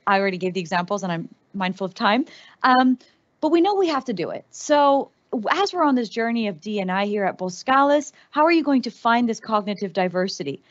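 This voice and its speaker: A woman's voice: on the high side, no echo, highs cut off. American woman giving a conversational workshop talk. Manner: conversational, addresses the audience directly. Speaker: workshop speaker. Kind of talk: corporate diversity talk to a live audience.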